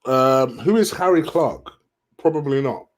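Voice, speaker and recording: A man hosts a relaxed live stream and answers viewer questions as he goes. He talks in a loose, chatty way at a middle pitch. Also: measured pace. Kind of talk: casual live stream chat.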